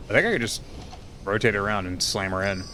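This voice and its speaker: A man's voice: lowish voice, lively intonation, brisk, background noise. A man streaming live, chatting casually and teasingly with his viewers while tired and rambling.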